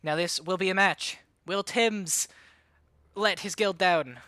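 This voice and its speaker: A man casting a live game tournament, hyper and excitable, rattling off play-by-play and getting out of breath. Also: sits high, takes it slowly, dry recording. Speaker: tournament caster and streamer. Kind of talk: live esports commentary.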